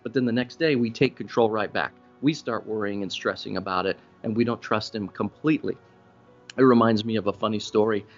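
A man preaching a sermon in a conversational storytelling way, with sudden animated rises for emphasis. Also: lowish voice, a little fast, muffled recording, faint music behind. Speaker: pastor.

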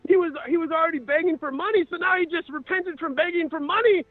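Impassioned male preacher, very high voice, dry tinny radio sound. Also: fast, no echo. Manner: impassioned, rises to crying out. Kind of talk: sermon.

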